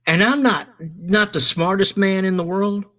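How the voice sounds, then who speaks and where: A middle-aged man casually telling a personal story, animated, swearing and quoting others in his own voice. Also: high-pitched, moderate pace.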